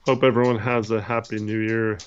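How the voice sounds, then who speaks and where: Low-voiced laid-back male co-host. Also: little pitch movement, a little fast, muffled recording, a little hiss or hum. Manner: laid-back, brief agreeing replies. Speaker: podcast co-host. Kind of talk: casual postgame chat.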